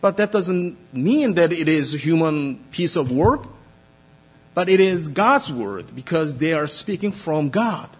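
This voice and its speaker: A man preaching a sermon as pastor, speaking deliberately with many pauses and fillers. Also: on the high side, animated, breathy edge, lo-fi sound.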